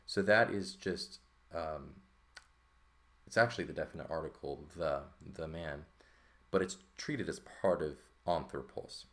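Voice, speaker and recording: A man teaching a Greek grammar lesson, explaining terms casually and often checking in with "right?" as he goes. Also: low voice. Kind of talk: casual textbook lesson walkthrough.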